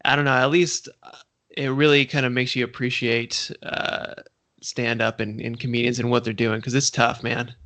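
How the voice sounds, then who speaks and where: A man's voice: medium pitch, little pitch movement, normal speed, sharp tone. A male podcast host in casual interview chat, laid-back and speaking in short, easy replies.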